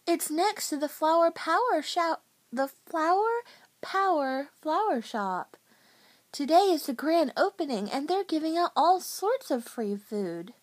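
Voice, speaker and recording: A sweet, polite schoolgirl from a storybook with a soft Southern accent, as a woman puts her on. She talks gently and slowly, pitched a little high. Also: sing-song. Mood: chatty. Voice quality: soft-spoken.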